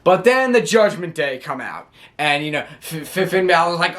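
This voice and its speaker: A man's voice: fairly high pitch, lively intonation, normal speed, bright, forceful tone. A man from the United States casually recapping a wrestling show, rambling and stammering with frequent laughs.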